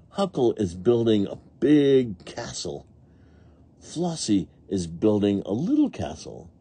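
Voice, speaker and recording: A man reads a picture book to small children, taking it slowly in a lowish, warm voice that's slightly rough and very animated. Along the way he plays at animal and machine sounds and quizzes his young listeners.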